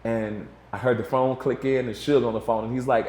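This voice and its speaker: A man's voice: mid-range voice, fairly even intonation, fast talker, few pauses, darkish tone. A man in his forties, a guest in an interview, telling a long story in a casual, rambling way full of "you know". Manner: rambling, filler-heavy, restarts with "you know". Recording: roomy echo.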